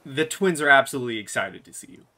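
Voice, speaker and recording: A man's voice: medium pitch, lively intonation, quick pace, sharp tone. A man narrating a tabletop game as game master, describing scenes in detail.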